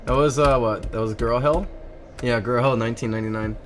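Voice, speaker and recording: A young man chatting casually on a stream, excitable and quick to laugh and slip into silly voices. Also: mid-range voice, slight background noise. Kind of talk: casual stream chat while drawing.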